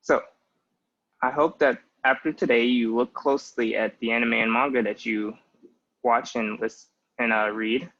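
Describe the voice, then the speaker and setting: A man's voice: mid-range voice, fairly even intonation, normal speed, a bit bright, dull audio. A young man in his twenties giving a patient, casual language lesson with many "like" fillers. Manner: patient, explanatory, with frequent "like" fillers. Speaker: language teacher.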